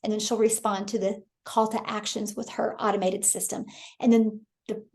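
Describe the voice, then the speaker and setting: This host, a woman in her thirties from Kansas, USA, gives a live webinar sales talk, sharing a story with enthusiasm and often saying "you guys" to her audience. Her voice is mid-range and a little mellow, with flat delivery at a moderate pace.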